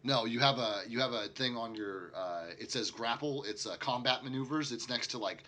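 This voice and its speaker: A man narrating and running a tabletop role-playing game as game master, laughing often between quick asides. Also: medium pitch, bright, forceful tone.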